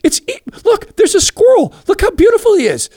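A man voicing his excited, curious little daughter in a high squealing voice. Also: a little fast, exaggerated voice.

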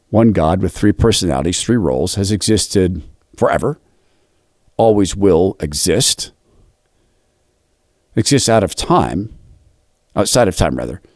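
A man's voice: fairly low pitch, no room sound, studio quality. A man leading a youth Bible study, telling a story in a reflective, devotional way and acting out the dialogue. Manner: animated, acts out quoted dialogue.

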